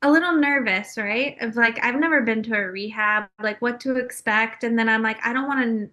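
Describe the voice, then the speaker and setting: Bright-voiced young woman, candid storytelling. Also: a little high, a little fast. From California. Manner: open and confessional, frequent fillers. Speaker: podcast guest.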